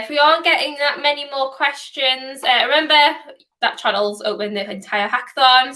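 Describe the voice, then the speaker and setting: A young woman from northeast England with a softened Geordie accent and a sore throat, chatting casually as host of a hackathon livestream Q&A. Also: fairly high pitch. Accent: softened Geordie, somewhat posh. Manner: chatty, reads questions aloud, hums while waiting.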